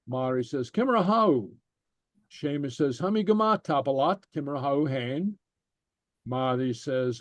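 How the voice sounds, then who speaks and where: A man teaching a Gaelic class online, reading slowly and patiently with lots of fillers. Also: mid-range voice, darkish tone, dry recording. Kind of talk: online language lesson.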